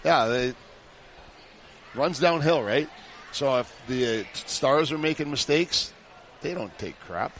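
A man's voice: medium pitch, animated, unhurried, long pauses, fairly bright tone, slight background noise. A man guest, a hockey coach, chatting casually with blunt dry remarks. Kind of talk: casual chat.

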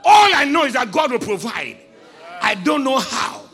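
A man preaching a Sunday sermon, shouting with emphasis and acting out a story with people from the congregation. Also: very high voice, very animated, moderate pace. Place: church.

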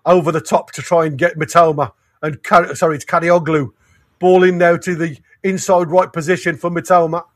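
A man giving excited, partisan live match commentary, his voice going hoarse. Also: on the high side, dry recording, clean studio sound. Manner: excitable, rapid, restarts sentences. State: losing his voice. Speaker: fan commentator.

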